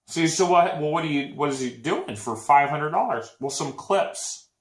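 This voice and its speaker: A man co-hosting a casual chat show, telling a story with lively acted-out quotes. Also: a little high, moderate pace. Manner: animated storytelling, acts out quotes. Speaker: podcast co-host. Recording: echoey room.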